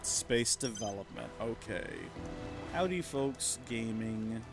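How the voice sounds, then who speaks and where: Over music, a man in his thirties streams a casual let's-play, his lowish voice expressive and slow. He chats and rambles, poking fun at himself as he goes.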